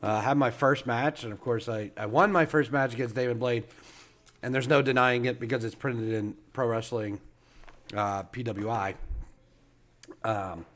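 A man's voice: medium pitch, fairly even intonation, moderate pace. A man co-hosting a podcast, swearing freely and laughing through casual banter. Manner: loud, profane, laughing banter. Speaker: podcast co-host. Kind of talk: casual chat.

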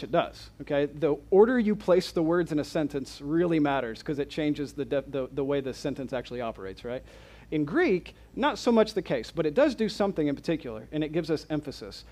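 A man's voice: a little high, a little mellow. A man preaching a sermon to his church congregation, with a slightly raised voice that climbs and drops a lot as he leans into rhetorical questions and sarcastic asides. His delivery is conversational, with restarts and direct challenges to the listeners. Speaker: pastor. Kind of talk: expository sermon.

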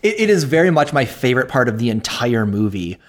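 A podcast co-host chatting casually about a film, animated, often restarting sentences and laughing. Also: mid-range voice, a little fast.

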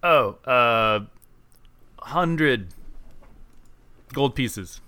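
Animated, bright-voiced man player. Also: mid-range voice, extremely slow, clean tone. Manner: laughing, animated. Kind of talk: casual tabletop game play.

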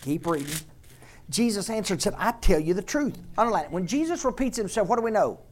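A woman's voice: medium pitch, very animated, quick pace, a little mellow. A woman preaching a sermon to her congregation, emphatic and repeating phrases for effect.

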